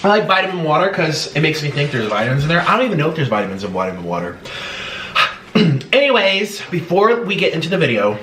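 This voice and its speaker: A man's voice: fairly high pitch, sing-song, fast, a bit bright, distant mic. Hyper, sing-song young man eating on camera. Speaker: mukbang host. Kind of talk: casual eating vlog chat. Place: room at home. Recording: echoey room, mic set back, faint hiss.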